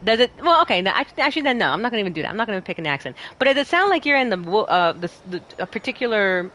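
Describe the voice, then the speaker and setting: A young woman streaming a game, chatting casually with her chat and a friend, bubbly and quick to laugh. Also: mid-range voice. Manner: bubbly, giggly, animated, talks to chat. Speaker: streamer and host. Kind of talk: casual chat while playing a game live.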